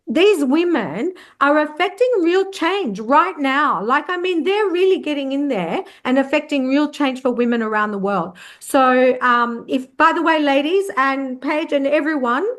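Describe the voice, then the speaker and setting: A woman, hosting a podcast interview, effusive and quick to affirm her guest. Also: sits high. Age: 50s. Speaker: podcast host. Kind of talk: interview conversation.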